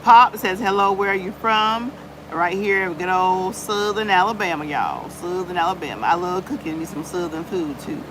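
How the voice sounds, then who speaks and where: A woman's voice: fairly low pitch, animated, moderate pace, background noise. A woman hosting a casual live chat on her channel, greeting viewers by name and peppering her talk with "y'all". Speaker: livestream host.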